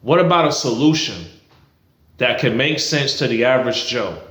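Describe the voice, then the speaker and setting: A man's voice: mid-range voice, lively intonation, moderate pace, a bit bright, reverberant. A man giving a heated, blunt and profane political rant to camera, repeating himself for emphasis. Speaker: political commentary vlogger. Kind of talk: ranting to camera.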